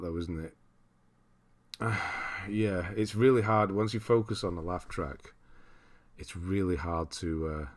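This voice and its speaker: A man casually chatting on a livestream, thinking aloud and laughing as he reads through viewers' lists. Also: sits low. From United Kingdom. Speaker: streamer.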